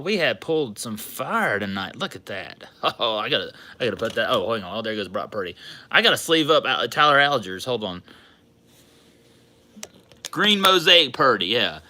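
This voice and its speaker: A man hosting a sports card livestream, chatting casually and getting loudly excited over his pulls. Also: mid-range voice. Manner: excitable, hollering and laughing over a big pull.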